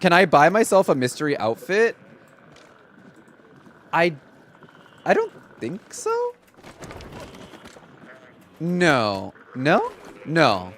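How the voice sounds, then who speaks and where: A young man streaming a game, chatting casually in an excitable, dramatic and sarcastic way. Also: on the high side, extremely slow, pauses often, slight background noise. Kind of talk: casual gaming livestream chat.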